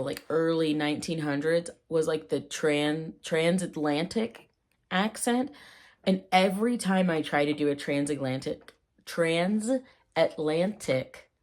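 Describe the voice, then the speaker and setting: Slow-talking playful woman vlogger. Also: low voice. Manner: playful, rambling, jokey asides, quick tangents. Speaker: vlogger explaining old slang. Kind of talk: casual chat.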